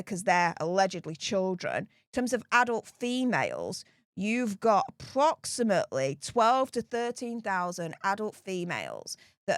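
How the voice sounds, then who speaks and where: Woman, political commentator. Indignant, punchy rhetorical questions, swinging pitch, dry close mic. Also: smooth, dry recording. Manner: reads out statistics slowly, checking in with "okay?".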